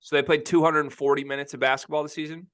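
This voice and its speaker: A man's voice: a little high, flat delivery, quick pace, fairly bright tone. A young man co-hosting a casual sports podcast, opinionated and emphatic, often repeating himself as he makes his point. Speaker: podcast co-host.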